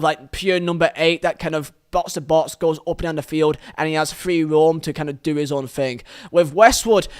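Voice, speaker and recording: Speaking in a clean, fairly high voice, this solo football podcaster reviews the game like a passionate, opinionated supporter. He wanders from point to point and keeps breaking off to begin phrases again.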